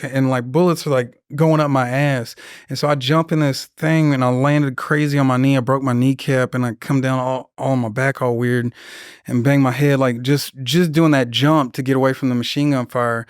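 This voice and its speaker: A young man and Marine veteran telling a war story in casual, profane talk, jumping into loud, high voices for the people in his story. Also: clean tone, no echo, clean studio sound. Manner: profane, animated, acts out voices in his stories.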